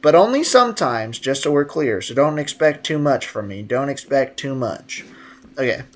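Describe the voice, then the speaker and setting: A man's voice: medium pitch, lively intonation, normal speed. A man streaming a game, chatting casually and jokingly, reading messages from his chat aloud.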